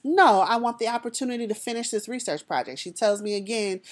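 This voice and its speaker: A woman's voice: on the high side, brisk. Woman, personal storyteller; conversational, talks straight to the audience. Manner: lively, conversational, addresses listeners directly.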